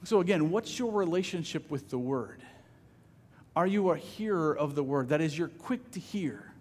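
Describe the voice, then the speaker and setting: High-voiced pastor in a reverberant hall. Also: male voice, expressive, moderate pace. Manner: conversational, repeats words when starting phrases. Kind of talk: sermon.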